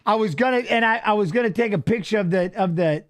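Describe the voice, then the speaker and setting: A man with a high voice talks fast as he watches a fight, casually commenting on it. He rambles and swears, tells stories between the action, and is full of restarts and fillers.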